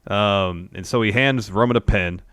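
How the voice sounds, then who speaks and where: A man co-hosting a wrestling podcast, casually recapping a show and acting out the wrestlers' promos with animated delivery. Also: on the low side, normal speed, smooth, no echo, studio quality.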